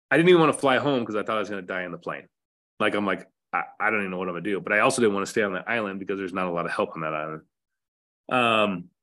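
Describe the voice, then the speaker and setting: Candid middle-aged American fire captain. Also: male voice, on the low side, fairly bright tone. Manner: candid, swears casually, acts out quoted dialogue. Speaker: fire captain, podcast guest. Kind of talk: casual storytelling.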